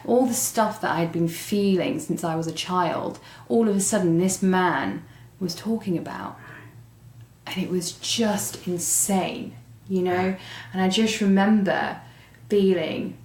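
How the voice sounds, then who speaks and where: Lowish English woman telling her story. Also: a little slow. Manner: animated storytelling with fillers and laughs. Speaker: guest. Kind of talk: personal recovery story. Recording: roomy echo.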